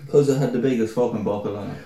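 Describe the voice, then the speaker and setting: Mellow man, echoey room. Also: medium pitch, very fast, recorded from a distance. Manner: chimes in with jokes, swears. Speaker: podcast co-host. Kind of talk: casual chat.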